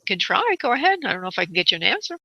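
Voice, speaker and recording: A woman's voice: mid-range voice, very animated, racing, gravelly, pushed and bright, dry recording, muffled recording. A woman hosting a radio call-in show as a psychic medium, calling her callers honey and sweetheart.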